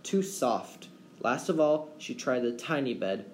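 A man reading a children's fairy tale aloud as a storyteller, with gentle, expressive delivery. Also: mid-range voice, moderate pace. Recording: roomy echo, faint background hum.

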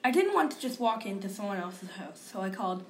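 A woman reads aloud in the voice of a male wolf narrator, a sly, self-pitying character who confides his side of the story with a sense of grievance. Her medium-pitched delivery is very animated and slightly quick, with a faint hiss or hum behind it.

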